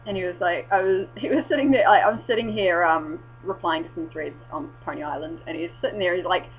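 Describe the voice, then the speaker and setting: A young woman vlogging in casual, rambling chat, swearing and breaking into excited exclamations. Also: lowish voice, brisk. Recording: dull lo-fi with faint mains hum.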